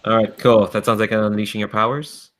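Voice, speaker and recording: A man's voice: fairly low pitch, fairly even intonation, fairly quick, a bit bright, slight background noise. A man running a tabletop game as game master, narrating loosely with frequent fillers.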